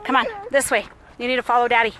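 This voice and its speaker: Young mom vlogger filming a walk, higher-pitched voice, laughing, a little winded, faint outdoor noise behind. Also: female voice, flat delivery, fast. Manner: chatty, laughing often, cooing at her toddler. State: out of breath from walking. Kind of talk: casual family vlog narration. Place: outdoor nature trail.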